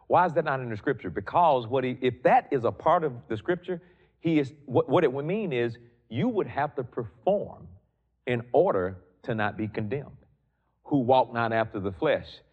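A middle-aged man preaching a sermon, reading scripture slowly and building from quiet, low musing to high, impassioned preaching. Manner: reads scripture slowly and deliberately.

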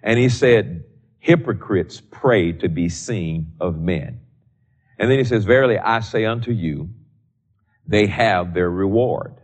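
A man in his sixties preaching a sermon on prayer, repeating key lines slowly for emphasis and reading scripture in old-fashioned wording. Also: lowish voice. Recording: dull lo-fi recording.

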